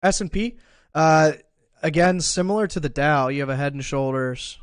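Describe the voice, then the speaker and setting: A man's voice: a little high, moderate pace, clean tone, dry recording. A man streaming live market analysis, thinking aloud in a casual way with fillers and restarts, and a bout of hiccups. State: has the hiccups. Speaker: crypto trading streamer.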